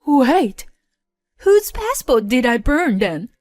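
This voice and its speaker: A woman voicing a scheming older mother-in-law who is indignant and quick to shift blame. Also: sits high, big pitch swings, a little mellow, dry recording, soft background music, full character voice. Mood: shocked.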